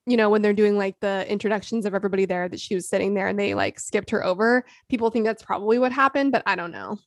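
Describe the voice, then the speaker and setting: A woman co-hosting a podcast, chatting casually in a relaxed way that trails off at the ends of phrases. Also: medium pitch, quick pace, no echo, clean studio sound. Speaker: podcast co-host. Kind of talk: casual chat.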